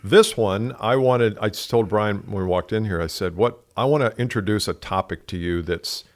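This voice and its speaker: A man with a fairly low voice hosts a sales podcast. He chats casually and rambles through stories with animated swings in emphasis. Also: moderate pace. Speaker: podcast co-host. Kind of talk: casual chat.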